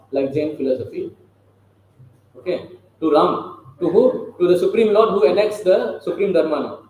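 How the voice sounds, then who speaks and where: A man speaking at a scripture class lectures conversationally, repeatedly asking the audience rhetorical questions. His voice is high-pitched and a little mellow. The room is very echoey, with faint noise.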